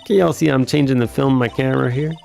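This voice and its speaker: A man voicing a brash young Southern woman photographer with a folksy drawn-out drawl, reading a game aloud. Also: medium pitch, steady tone, vocal fry, darkish tone, soft background music. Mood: sassy. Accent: American Southern drawl, put on.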